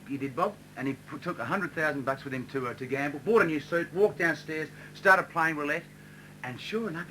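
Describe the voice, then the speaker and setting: A man's voice: on the high side, sharp tone, slight background noise, poor audio. A man telling a rambling comic story on stage in an amateur comedy show, full of hesitations. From Australia. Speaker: performer telling a joke.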